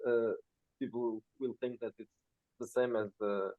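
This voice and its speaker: A man narrates as game master in a casual, halting way, full of fillers. His voice comes through a tinny, phone-like line that sounds dry and close. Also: medium pitch, flat delivery, no room sound. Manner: hesitant, casual, filler-laden.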